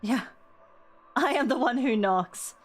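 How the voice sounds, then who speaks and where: A young woman streams a game, reasoning out loud and getting excitable at her discoveries. Her voice sits fairly high and swings widely in pitch. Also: slow, faint music behind. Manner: excitable, thinking aloud. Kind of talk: live game stream commentary.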